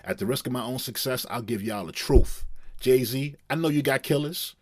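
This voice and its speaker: A man imitating an impassioned male rapper, delivering a loud, emphatic, preachy stage rant in a voice raised well above his own. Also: mid-range voice, moderate pace, no echo, studio quality, pitched above the performer's own voice, natural voice. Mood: fired-up ranting.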